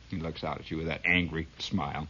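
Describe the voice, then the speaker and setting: A man's voice: a bass voice, pushed and bright, slightly rough. A man telling a rambling comic story, laughing at it as he goes. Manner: rambling, laughing at his own tale. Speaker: comedian. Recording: dull lo-fi old recording.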